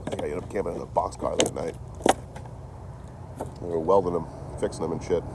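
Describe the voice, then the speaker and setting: The speaker is a young train-hopping livestreamer whose voice sits low, with fairly even intonation and a brisk pace. Chatting casually outdoors in town near a store, he rambles, curses and laughs between thoughts, all captured on a phone with street noise.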